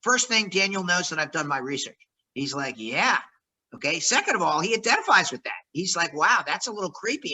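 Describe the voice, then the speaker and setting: Guy running a sales workshop, lively, keeps acting out his phone greeting, bright sharp voice. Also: high voice, a little fast, breathy edge, poor audio. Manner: energetic, acts out phone greetings. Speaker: sales trainer. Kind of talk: live workshop coaching.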